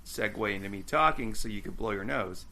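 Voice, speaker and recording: A man's voice: on the low side, fairly quick. A man co-hosting a podcast, chatting casually and ranting with swearing as he recaps a TV episode. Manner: ranting, animated, swears, acts out quotes. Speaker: podcast co-host.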